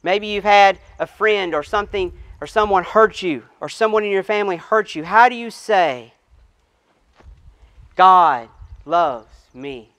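A pastor preaching outdoors to a congregation in their cars, reading scripture and then stressing key phrases slowly and with repetition. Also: male voice, high-pitched, fairly bright tone, no echo. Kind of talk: sermon. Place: outdoor drive-in service to people in cars.

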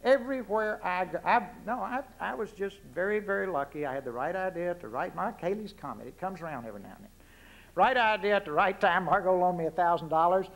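A man's voice: sits high, fast talker, vocal fry, a bit bright. A man with a Texas accent speaking before an audience at a forum, giving a folksy political speech full of punchy rhetorical questions and asides. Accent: Texan. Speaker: guest speaker.

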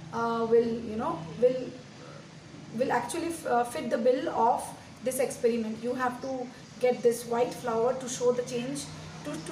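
A woman teacher giving a slow, deliberate lesson to young pupils, asking them many questions. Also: high voice, a little mellow. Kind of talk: recorded classroom lesson. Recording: echoey room, distant mic, faint hiss.

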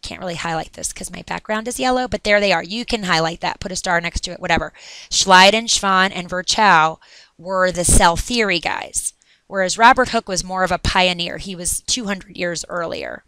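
A woman's voice: lowish voice, moderate pace, sharp tone, smooth, no room sound. A woman teacher giving a recorded science lesson in an upbeat, chatty way with little asides.

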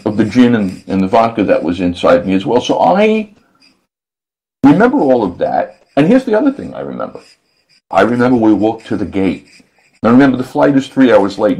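Male radio host, lowish voice, rambling casual storyteller, amused chuckles. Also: a little mellow, low-quality recording.

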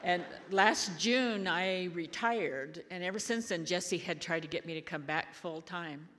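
A woman's voice: lowish voice, a little slow, fairly bright tone. A woman in her sixties giving a memorial tribute, telling wry, funny stories and chuckling along. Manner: wry, dry humor, chuckles through stories. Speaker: former caregiver giving a tribute. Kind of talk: memorial speech with humorous anecdotes. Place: memorial gathering hall. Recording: reverberant hall with faint room noise.

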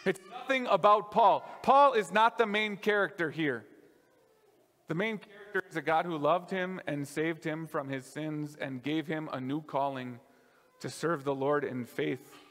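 Man, pastor, conversational sermon, echoing sanctuary. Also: on the high side. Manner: conversational preaching, drops softer on key lines. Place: church sanctuary.

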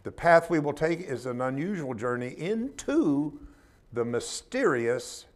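A man's voice: fairly high pitch, big pitch swings, a little slow. A man teaching a spiritual class in an informal sermon style, talking in a conversational, emphatic way with humorous asides.

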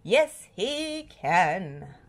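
A woman voicing a mischievous male scarecrow in a storybook reading, with high sly giggles. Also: very animated, drawn-out words, exaggerated voice. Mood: chirpy.

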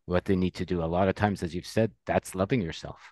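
A man's voice: low voice, fairly even intonation, fast talker, a little mellow, dry recording. A man hosting a podcast conversation, agreeable and musing. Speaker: podcast host.

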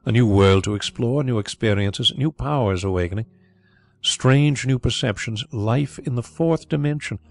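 A man voicing a suave, genial blind gentleman detective, speaking calmly and thoughtfully. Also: mid-range voice, normal speed, faint music behind, close to an everyday voice. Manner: calm, thoughtful, smoothly assured.

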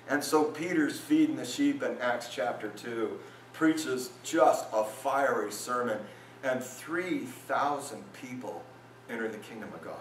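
A male pastor preaching a lively sermon at a men's retreat, his voice climbing when he acts out the crowd. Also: a little slow, a little hiss or hum. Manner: animated, voice rises high when acting out listeners. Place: conference hall at a retreat. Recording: roomy hall sound, mic from a distance.

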